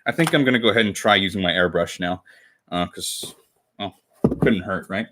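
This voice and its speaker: A man's voice: low voice, moderate pace, fairly bright tone, slight background noise. A man in his twenties talking casually on a livestream while crafting, rambling and correcting himself as he chats with viewers. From United States. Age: 20s. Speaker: cosplay livestreamer.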